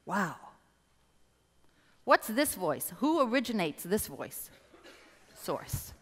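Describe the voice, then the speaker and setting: A woman business coach giving a motivational seminar talk, animated and addressing the audience directly. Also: mid-range voice, slow pace. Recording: reverberant hall.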